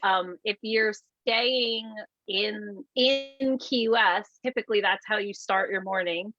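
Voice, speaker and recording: A woman's voice: mid-range voice, slow pace, bright, forceful tone, dull audio. A woman co-hosting a casual podcast chat, explaining things unhurriedly with fillers. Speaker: podcast co-host.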